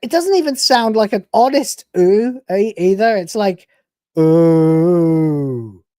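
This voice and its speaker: A woman's voice: on the high side, lively intonation, moderate pace, a little mellow, no echo, studio quality. A woman hosting a reaction channel, giving sarcastic, profane, mocking commentary over clips.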